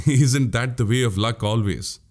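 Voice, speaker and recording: A man's voice: medium pitch, slow pace, a little mellow, lightly acted. A man voicing a witty, boastful young male warrior in an audiobook, speaking grandly. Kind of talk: audiobook character voice.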